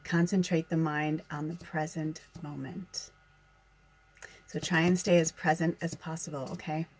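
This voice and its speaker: A woman's voice: deep voice, steady tone, measured pace. A woman medium talking casually to her followers, rambling and chatty, often breaking into laughter. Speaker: spiritual medium and channel host.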